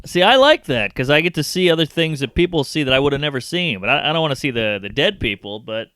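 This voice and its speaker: A man's voice: a little high, fast, clear, resonant tone, dry recording. A comedian, chatting casually and acting out people from his stories. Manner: animated storyteller acting out people he met. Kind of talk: casual podcast chat.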